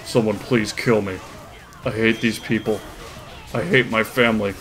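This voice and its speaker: A man voicing a miserable, grumbling male cartoon dog in a low, gloomy mutter. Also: fairly even intonation, moderate pace, a bit bright, faint music behind. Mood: despairing.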